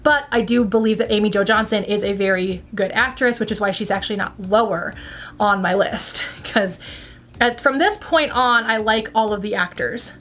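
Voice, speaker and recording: A woman's voice: medium pitch, moderate pace, fairly bright tone. A woman hosting a casual opinion vlog at home, talking in a rambling, chatty way with plenty of fillers and restarts. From United States. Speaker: channel host reviewing a TV franchise.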